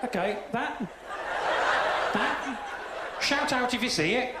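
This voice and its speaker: A man's voice: very high-pitched, lively intonation, slow pace, very noisy. A British man doing a crude, cheeky stand-up set in a theatre, acting out voices. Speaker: stand-up comedian. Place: large theatre stage. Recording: roomy live theatre recording. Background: audience laughing.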